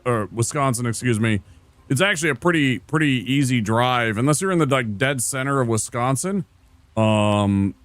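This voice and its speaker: A man's voice: mid-range voice, fairly bright tone, smooth, no room sound. A laid-back man from Minnesota streaming a game, rambling casually and talking to viewers by name. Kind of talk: casual gameplay chat with chat.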